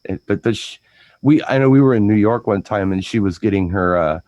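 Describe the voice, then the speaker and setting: A man chatting casually as a DJ co-host, telling stories in a rambling, animated way with lots of restarts. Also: lowish voice, brisk, no echo, highs cut off. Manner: rambling, animated storytelling with frequent restarts and mimicked voices. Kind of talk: casual chat.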